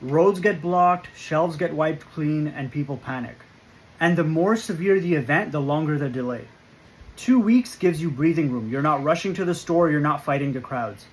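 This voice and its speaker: A man hosting a prepping channel, delivering a scripted explainer monologue in a firm, emphatic, measured way. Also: on the high side, poor audio.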